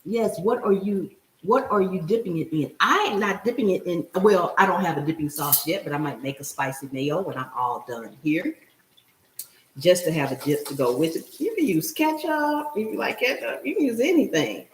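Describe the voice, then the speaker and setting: A woman's voice: on the low side, animated, normal speed. Chatty woman in an echoey kitchen. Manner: chatty, reads and answers viewer comments. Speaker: cooking show host. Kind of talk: live-stream cooking chat. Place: home kitchen.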